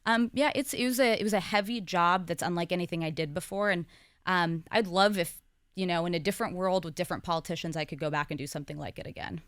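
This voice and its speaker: A woman in her thirties talks through her experiences in a candid, conversational podcast chat. Her voice sits fairly low and sounds smooth and clear. It is recorded close and dry, with no room sound. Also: fairly bright tone, no room sound. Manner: candid and quick, with frequent laughs and fillers. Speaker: co-host and guest.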